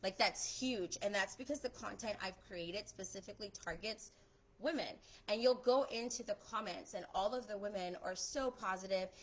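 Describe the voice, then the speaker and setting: A young adult woman talking fast and chattily in a casual live stream, giving social media tips as a photographer. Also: medium pitch, low-quality recording. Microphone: phone or webcam on a live stream.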